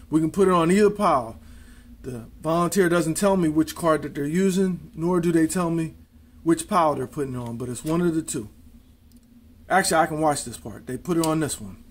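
A man's voice: a little high, a little fast, breathy edge. A man demonstrating card tricks, talking casually and counting and spelling aloud as he deals. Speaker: amateur magician.

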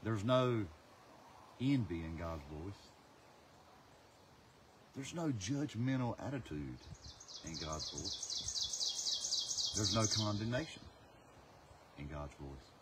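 A man's voice: on the low side, animated, slow, pauses often, background noise. Passionate evangelist man preaching. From North Carolina. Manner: passionate, swings from loud to hushed. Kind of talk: sermon. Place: outdoors.

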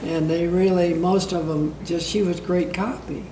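An older woman reminiscing casually as an interview guest, telling stories in an unhurried way with many fillers and soft laughs. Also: lowish voice, fairly even intonation. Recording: roomy, distant, noisy archival interview.

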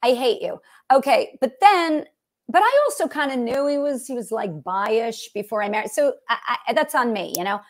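High-voiced woman, rambling storyteller. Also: expressive, normal speed. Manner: rambling storyteller who acts out quotes. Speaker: guest comedian. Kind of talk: casual podcast storytelling.

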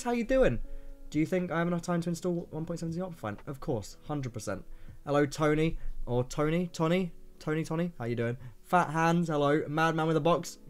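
A man hosting a casual livestream from his home desk, rattling off quick greetings to viewers in an upbeat way. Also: a little high, darkish tone, clean tone. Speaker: streamer host.

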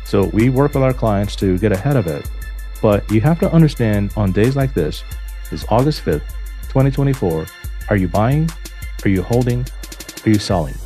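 A man's voice: fairly low pitch, lively intonation, normal speed, mellow, faint music behind. A man hosting a financial advice podcast, talking emphatically and acting out his clients' lines in quotes. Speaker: financial advisor and podcast host. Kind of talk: solo podcast talk.

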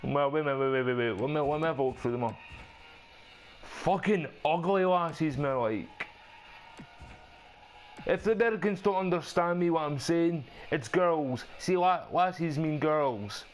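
Young Scottish gamer host, brash foul-mouthed trash talk, raised pitch, noisy ambience in the background. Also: male voice, moderate pace. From Scotland. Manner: brash, sweary trash talk with bursts of shouting. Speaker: gaming channel host. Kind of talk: casual gameplay commentary.

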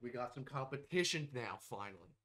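A man's voice: medium pitch, expressive, fairly quick, noisy background. A young man hosting a comedic tier-list video, ranting brashly with constant swearing and mock-tough bravado. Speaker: host ranking game characters.

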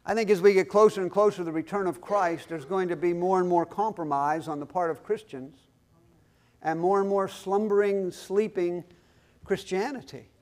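A man's voice: sits high, moderate pace, a little mellow. A male pastor preaching a sermon, emphatic, with call-and-response questions to the congregation. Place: church.

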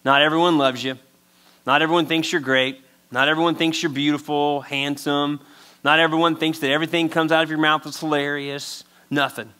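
Male pastor, high bright tenor, conversational preaching with emphatic acted-out asides. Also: flat delivery, fairly quick. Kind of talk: sermon.

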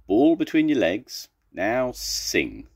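A man's voice: medium pitch, wildly swooping pitch, slow, breathy edge, pitched above the performer's own voice, full character voice. An older man doing a playful boasting crocodile.

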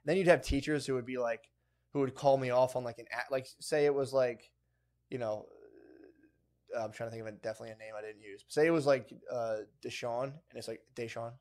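A man's voice: medium pitch, fairly even intonation, fast, a little mellow. A young man co-hosting a casual podcast chat, telling profane stories and acting out what people said, laughing as he goes. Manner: profane, laughing storyteller who acts out quoted voices. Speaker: podcast co-host.

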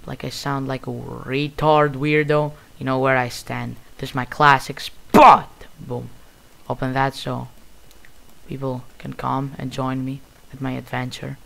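Excitable Greek-accented gamer, creaky voice. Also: male voice, mid-range voice, unhurried. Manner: excitable, bursts of loud exclamations. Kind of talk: casual gameplay commentary.

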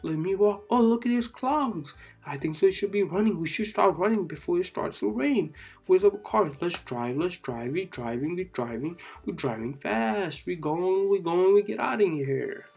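An excitable narrator of a kids' cartoon who keeps repeating short phrases in a chanting way. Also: medium pitch, normal speed, creaky, slightly rough, soft background music.

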